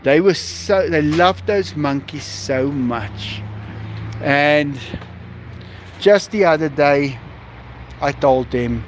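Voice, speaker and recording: A man's voice: fairly high pitch, lively intonation, takes it slowly, pauses often, a little hiss or hum. A man chatting casually on a live stream outdoors, talking to viewers and to his farm animals.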